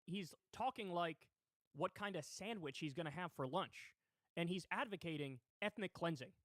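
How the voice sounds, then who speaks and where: A man hosts a political commentary livestream, heated, indignant and swearing as he goes. His voice is a little high and fairly bright, animated at a moderate pace, recorded cleanly in a studio with no echo.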